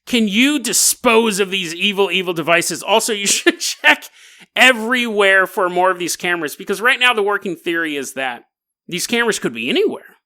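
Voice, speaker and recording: A man's voice: high voice, lively intonation, moderate pace, sharp tone, full character voice. A man doing a pompous would-be hero. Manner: grandiose, theatrical declarations. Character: pompous self-styled hero man, dramatic and self-important.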